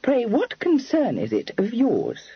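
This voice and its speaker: A man voicing a spirited, earnest young woman who speaks in a high, lilting voice with prim, formal phrasing. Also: huge pitch swings, a little slow, breathy edge, dry recording, muffled recording, heavily acted. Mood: indignant.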